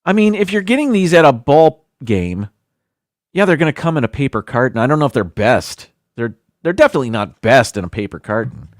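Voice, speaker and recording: Male streamer, casual and animated, reads a list with offhand jokes; dry close mic. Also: mid-range voice, fairly quick, no echo. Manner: chatty, self-deprecating, stumbles over foreign words. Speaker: livestream host. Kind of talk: casual livestream chat, reading a list aloud.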